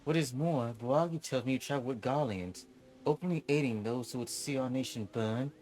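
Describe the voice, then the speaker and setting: A man reading the lines of a proud, smug woman general from a game, in a cool, measured, haughty way. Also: medium pitch, darkish tone, soft background music, lightly acted.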